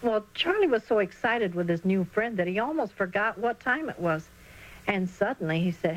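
A woman narrating a children's Christian storybook in an expressive reading voice. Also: medium pitch, normal speed, poor audio.

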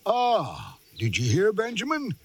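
A kindly older country doctor in a radio drama, with a fairly high voice that moves freely. He soothes and calms with old-fashioned turns of phrase. A faint hiss sits underneath. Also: measured pace, full character voice.

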